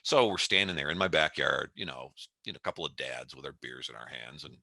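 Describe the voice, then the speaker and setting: A man's voice: very deep voice, quick pace, gravelly, dry recording. A man in his fifties, a company CEO, telling a story as an interview guest and acting out the scene as he goes. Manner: animated storyteller who acts out the scene.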